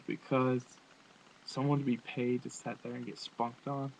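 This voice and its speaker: Speaking unhurriedly in a mid-range voice with little pitch movement, this male vlogger delivers a rambling, crude comedic rant to his webcam and laughs frequently. Captured on the webcam's own mic, the sound is dull with faint hiss.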